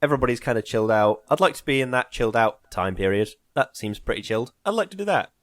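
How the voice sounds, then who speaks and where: A man's voice: mid-range voice, expressive, fast, a bit bright, no echo, clean studio sound. Rambling wry man. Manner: rambling, self-interrupting, wry. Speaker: podcast guest. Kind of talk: casual podcast chat.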